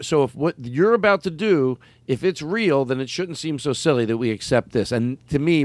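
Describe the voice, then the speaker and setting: A man's voice: fairly high pitch, dry recording. A man hosting a comedy podcast, talking casually, rambling and circling back to press his point. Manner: rambling, restarts, builds arguments insistently. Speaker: podcast host.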